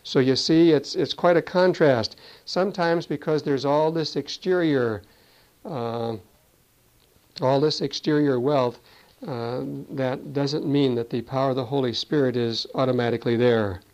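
In an unhurried, mid-range voice with a darkish tone and fairly even intonation, a preacher teaches from the Bible. He keeps it conversational, frequently adding "you see" and "you know." The recording is dull and lo-fi.

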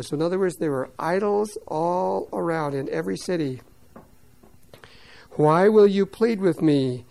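A man teaching verse by verse, reading scripture slowly and loudly, then explaining it quickly in plain words. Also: high-pitched, creaky, poor audio. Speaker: Bible teacher. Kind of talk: verse-by-verse Bible commentary.

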